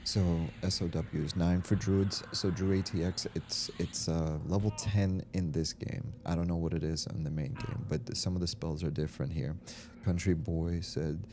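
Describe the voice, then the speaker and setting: A man's voice: low-pitched, fairly even intonation, moderate pace, darkish tone, a little hiss or hum. A man streaming a game, rambling casually, reading chat aloud and laughing easily. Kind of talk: casual livestream chat while gaming. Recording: game music playing behind. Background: game music.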